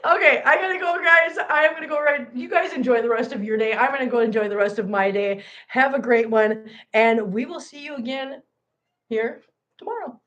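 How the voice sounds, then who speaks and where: A woman's voice: fairly high pitch, a little fast, hardly any pauses, fairly bright tone, dull audio. Chatty self-mocking American woman. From United States. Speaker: cat channel host. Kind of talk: casual live chat to viewers.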